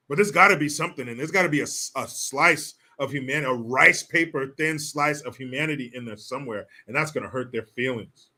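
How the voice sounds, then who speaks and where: A man's voice: fairly high pitch, sharp tone. A man hosting a political commentary stream, ranting in a crude, mocking way and reading out chat comments. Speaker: host.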